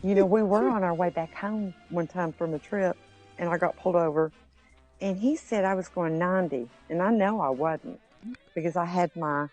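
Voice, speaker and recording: A woman's voice: lowish voice, moderate pace, darkish tone, soft background music. A woman co-hosting a livestream in casual chat, playful and teasing. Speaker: livestream co-host.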